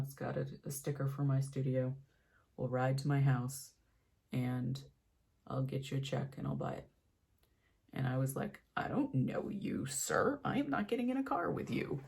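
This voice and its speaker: A young woman tells a long personal story while she does her makeup on camera, and she slips into the voices of the people in it. Her voice is gravelly and husky, with a dark, mellow tone. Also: extremely low pitch. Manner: animated storyteller, acts out quoted voices. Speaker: beauty vlogger.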